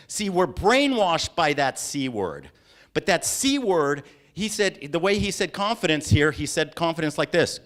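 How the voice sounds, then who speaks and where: A man leading a live, interactive creativity talk for an audience, theatrical and animated, often acting out voices and scenes. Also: a little high, unhurried, a little hiss or hum. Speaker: creativity workshop speaker. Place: lecture hall with audience.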